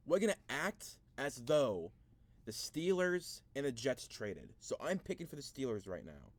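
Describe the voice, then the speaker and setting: A man's voice: medium pitch, sing-song, unhurried, no echo. Man, casual mock draft commentary, rambling, frustrated, thinks aloud with restarts. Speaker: sports video host.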